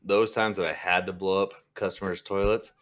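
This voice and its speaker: A man's voice: low-pitched, level tone, normal speed, fairly bright tone. A man in his thirties, a podcast co-host, telling a story in casual chat, swearing and laughing often. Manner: laughs a lot while telling stories, swears freely.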